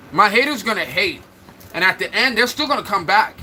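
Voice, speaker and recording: A man's voice: high voice, sing-song, normal speed, pushed and bright, a little hiss or hum, low-quality recording. A man hosting a livestream, trash-talking and mocking commenters in loose, joking banter. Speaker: livestream host. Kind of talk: mocking live-chat banter.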